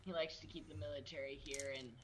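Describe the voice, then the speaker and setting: A game master narrating a tabletop game, halting with fillers and restarts. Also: medium pitch, steady tone, over a noisy crowd, poor audio.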